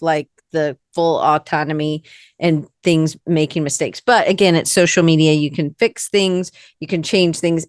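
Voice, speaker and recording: A Southern American woman hosting a podcast, talking casually in a rambling, lively way that often stops and restarts. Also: fairly low pitch, smooth, no room sound, clean studio sound. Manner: rambling, lively, self-interrupting. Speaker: podcast host. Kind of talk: casual conversation.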